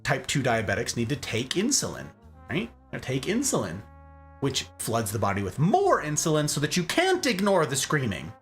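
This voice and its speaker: Dude explaining stuff in a goofy animated way, voice swinging high and low, soft guitar in the back. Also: male voice, moderate pace. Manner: animated, jokey, acts out voices, says "okay?" often. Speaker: host. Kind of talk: casual explanatory chat.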